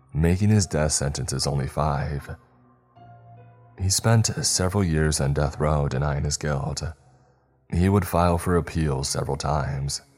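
A man narrating a scripted horror story in a steady, brisk storytelling manner. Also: a bass voice.

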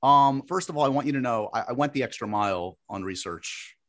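A man hosting his podcast in casual chat, animated and self-deprecating with quick asides. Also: medium pitch. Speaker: podcast host.

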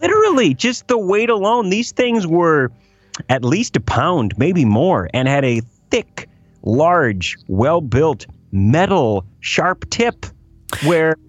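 A man's voice: fairly high pitch, sing-song, takes it slowly, no echo, muffled recording. A man co-hosting a podcast, joking and riffing in casual chat. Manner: joking, mock-folksy riffing. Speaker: podcast co-host.

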